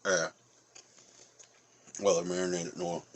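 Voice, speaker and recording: In a low, flat, slightly slow voice, a middle-aged man from Nova Scotia reviews food while eating, rambling with plenty of fillers. His Atlantic Canadian accent comes through a little hiss or hum.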